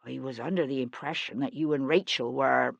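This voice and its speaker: A woman voicing a timid, awkward young gentleman who speaks softly and hesitantly, his sentences rising like questions. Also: very deep voice, a little fast, vocal fry, dry recording, lo-fi sound, voice pushed down, exaggerated voice. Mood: meek. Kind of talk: audiobook character voice.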